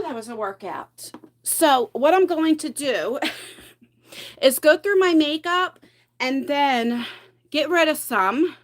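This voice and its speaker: High-voiced chatty woman on a livestream. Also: a bit bright. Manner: chatty, rambling, laughs often, greets viewers by name. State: a bit out of breath from carrying heavy boxes. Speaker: beauty livestream host. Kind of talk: casual live chat while decluttering makeup. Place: at home, in pajamas.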